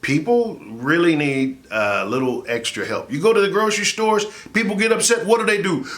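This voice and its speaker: A man who works as a laugh therapist, giving a jokey motivational talk to his audience and jumping high in pitch for emphasis. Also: moderate pace. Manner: animated, jokey, addresses audience directly. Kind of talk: motivational talk with stand-up comedy.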